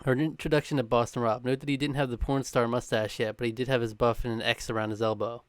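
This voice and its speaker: Brisk man reading a countdown. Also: mid-range voice, little pitch movement, no echo. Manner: brisk, chuckling between lines. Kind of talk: scripted read with casual chat.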